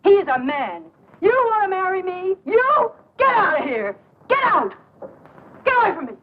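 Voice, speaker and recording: A woman's voice: sits high, wildly swooping pitch, normal speed. An actress playing a scornful young woman who taunts and mocks a man, in 1940s film acting. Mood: mocking. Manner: sneering, taunting. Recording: muffled noisy 1940s film soundtrack.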